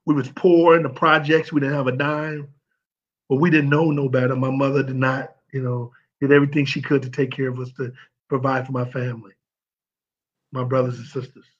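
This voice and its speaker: A man from St. Louis giving an emotional, halting tribute that is full of repeated words. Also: mid-range voice, level tone, dull audio. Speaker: former pro football player speaking at an event. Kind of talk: heartfelt tribute speech.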